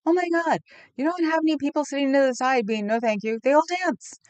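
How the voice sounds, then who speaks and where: A woman's voice: high-pitched, quick pace, no echo, highs cut off. Chatty woman streamer, dry close sound. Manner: rambling, chatty, laughs often, reacts to chat. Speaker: live streamer. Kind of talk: casual livestream chat with viewers.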